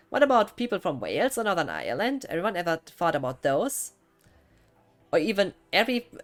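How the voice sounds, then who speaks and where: A young woman with a German accent, a non-native English speaker, rambling casually as she chats on a live gaming stream. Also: mid-range voice. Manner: rambling, thinking aloud.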